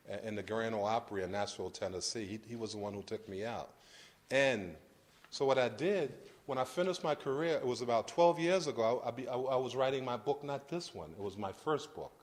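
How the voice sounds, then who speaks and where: A man in his fifties from Brooklyn, New York, giving a lively storytelling lecture and acting out scenes for the audience. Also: mid-range voice. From Brooklyn, New York, United States. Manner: animated, acts out scenes, addresses the audience directly. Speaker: guest lecturer.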